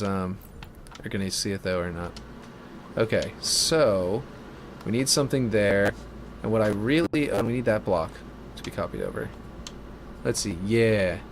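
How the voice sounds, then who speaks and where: Low-voiced man streaming and thinking aloud. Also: a little hiss or hum. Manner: thinks aloud while working, chatty and self-mocking. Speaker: live streamer building a game map. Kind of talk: casual live-stream commentary.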